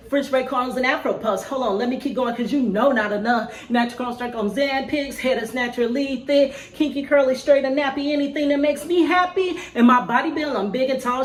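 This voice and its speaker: A woman reciting her own spoken word poem with a rhythmic, emphatic rhyming delivery. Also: high voice. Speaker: vlogger and spoken word poet. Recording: roomy echo.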